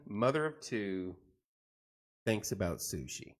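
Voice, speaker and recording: Here a middle-aged host of a casual live chat speaks in a fairly low pitch at an ordinary speed. His manner is joking and rambling, full of animated storytelling and greetings to his viewers.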